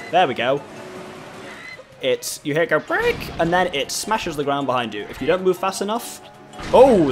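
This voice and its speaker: A man hosting a video game playthrough, giving wry, jokey commentary as he plays. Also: mid-range voice. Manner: jokey, wry, laughs often. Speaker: let's play host. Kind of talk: gameplay commentary.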